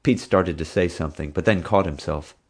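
A man narrating an audiobook in an expressive, dramatic manner. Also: sits low, fairly quick.

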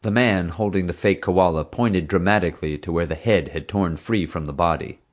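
A man narrating an audiobook in an expressive, dramatic manner. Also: deep voice, normal speed.

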